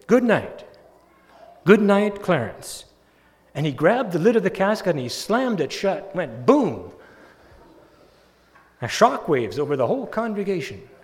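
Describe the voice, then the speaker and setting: Male pastor, slightly high voice, animated sermon delivery, reverberant sanctuary. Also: moderate pace. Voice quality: animated, building to loud emphatic peaks. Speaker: preacher. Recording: long hall reverb.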